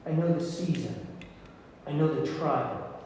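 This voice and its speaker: A man preaching a sermon as pastor, earnest and intimate, with soft pauses. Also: a little high. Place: church hall. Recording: echoey hall from far off, faint noise.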